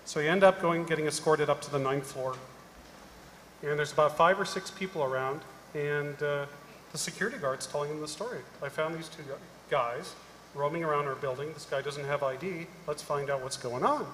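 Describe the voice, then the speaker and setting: A middle-aged man on a conference panel, telling an animated story and acting out the people in it. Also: a little high, brisk, slight background noise. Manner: animated anecdote-telling, acting out quoted voices. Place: large conference hall. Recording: echoey hall, live panel mic.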